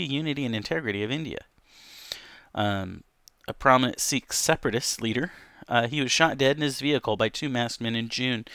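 A man's voice: medium pitch, fairly bright tone, no room sound, studio quality. A man casually reading news stories aloud on a livestream, with frequent ums, self-corrections and asides to chat. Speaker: livestream host.

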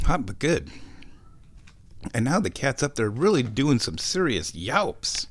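A man's voice: medium pitch, very animated, a little slow, long pauses, a little hiss or hum. A man hosting a casual solo show at home, chatty and playful, wandering the house and talking to his cat. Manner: playful, chatty, talks to his cat in a sing-song baby voice. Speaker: podcast host. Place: at home, walking around the house.

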